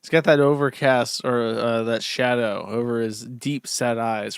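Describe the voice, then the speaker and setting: A man's voice: medium pitch, fairly even intonation, unhurried, hardly any pauses, clear, resonant tone, dry recording, studio quality. A man hosting a show, giving sarcastic, mocking casual commentary while reacting to a video. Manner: sarcastic, mocking, laughs often. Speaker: streamer host.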